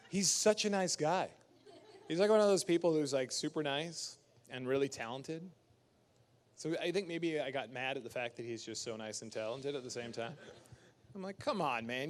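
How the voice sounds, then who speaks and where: Animated man ranting at a convention panel. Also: fairly high pitch, normal speed, pauses often. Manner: emphatic, animated ranting with laughs. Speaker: actor guest at a fan convention panel. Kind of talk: casual convention Q&A.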